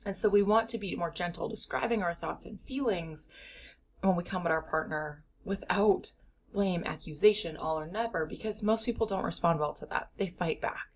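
A woman's voice: on the low side, moderate pace. A woman explaining step by step how couples can handle conflict, earnest and at times playful. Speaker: relationship educator.

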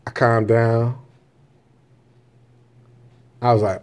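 A man's voice: medium pitch, lively intonation, takes it slowly, darkish tone. A man in his forties telling a candid story about raising his children, bluntly and with frequent checks on whether the listener follows. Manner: blunt, candid storytelling with constant "right?" check-ins and profanity. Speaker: father sharing parenting views. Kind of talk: casual monologue to camera.

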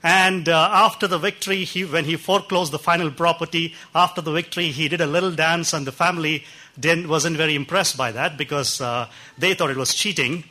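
A man preaching a sermon, telling anecdotes in an unhurried, conversational way with frequent pauses and fillers. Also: fairly high pitch, fairly even intonation, sharp tone. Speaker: pastor. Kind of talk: sermon storytelling.

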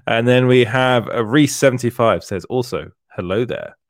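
A man's voice: mid-range voice, normal speed, no room sound. Male stream co-host, laughs a lot, reads the chat, dry close sound. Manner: laughs often, reads out comments. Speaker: podcast co-host reading chat. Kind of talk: casual live-stream chat.

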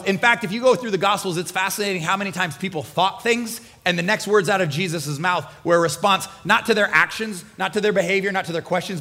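A male pastor preaching a sermon, animated and emphatic, swinging from hushed lines to loud bursts. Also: high voice. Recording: long hall reverb with faint music.

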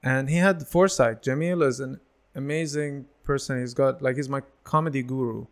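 A man's voice: medium pitch, normal speed. A man in his thirties, a stand-up comedian, telling stories in casual chat and acting out the voices of people he quotes. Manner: animated, acts out quoted voices.

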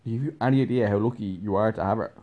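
Low-voiced man telling a rambling story. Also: fast, narrow, tinny audio. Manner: rambling, laughs often, peppered with "like". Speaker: podcast host, musician. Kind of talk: casual storytelling monologue.

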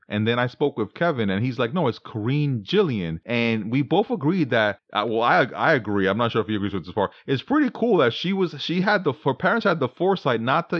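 Lively rambling male podcast co-host. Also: medium pitch, no room sound, dull audio. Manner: rambling, laughs at himself. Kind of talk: casual podcast chat.

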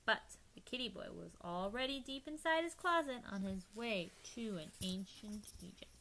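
A woman reading a children's storybook aloud, lively and playful, sometimes dropping to a hushed whisper. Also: mid-range voice, normal speed, vocal fry, slight background noise, poor audio. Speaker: reader.

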